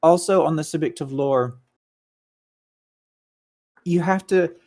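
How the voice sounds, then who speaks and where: A man's voice: fairly high pitch, takes it slowly, a little mellow. A staff member in an online meeting, speaking emphatically and repeating his main point. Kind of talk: casual voice-chat meeting.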